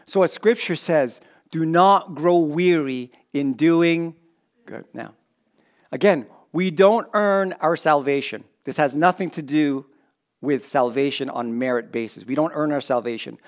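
A man delivers a sermon in a church, his voice sitting a little high for a man. He preaches in a conversational way, addressing the congregation directly and teasing those in the front rows. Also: a little slow. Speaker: pastor.

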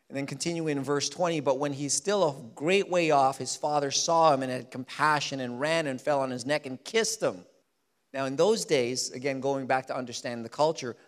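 A man preaching a sermon, stressing key lines slowly and acting out the people he quotes. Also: fairly high pitch. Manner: emphatic, repeats key lines slowly, acts out quoted voices. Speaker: pastor.

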